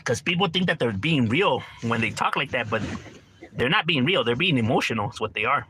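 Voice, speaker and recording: Lively slangy man talking to his stream. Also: medium pitch, fairly quick, a little hiss or hum. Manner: slangy, rambling, calls listeners bro and homie; swears freely, laughs often. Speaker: livestreamer reading chat. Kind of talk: casual livestream chat.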